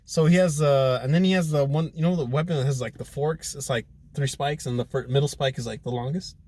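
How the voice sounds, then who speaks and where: A man's voice: medium pitch, steady tone, fairly quick, darkish tone, slight background noise. A man hosting a casual podcast, trading rambling stories and cusswords. He talks in a loose, easygoing way and breaks into laughter often. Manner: loose storyteller, swears a lot, laughs easily. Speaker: podcast co-host. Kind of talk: casual chat.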